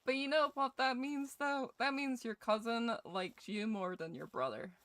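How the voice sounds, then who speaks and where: A woman's voice: a little high, moderate pace, fairly bright tone, no room sound. A young woman streaming a game and chatting casually with her viewers, giggling and swearing freely while sounding ill with a cough.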